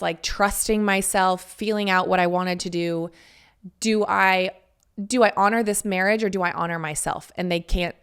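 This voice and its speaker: Frank, gravelly-voiced woman podcaster. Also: on the low side. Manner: chatty, frank, swears freely, laughs between phrases. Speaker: podcast host. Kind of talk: candid personal storytelling.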